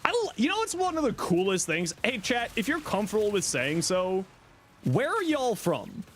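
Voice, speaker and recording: Animated Canadian male game streamer. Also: high-pitched, normal speed, slight background noise. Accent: Canadian, Southern Ontario. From Southern Ontario, Canada. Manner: chatty, animated, reads and answers chat aloud. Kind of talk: casual live-stream chat with viewers.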